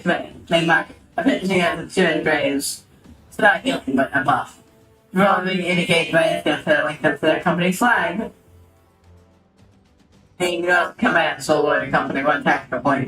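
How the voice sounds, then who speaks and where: A man streaming a game, commenting casually in a rambling, swearing way that keeps cutting itself off. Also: on the high side. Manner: rambling, swearing, self-interrupting. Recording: roomy, distant mic, faint music.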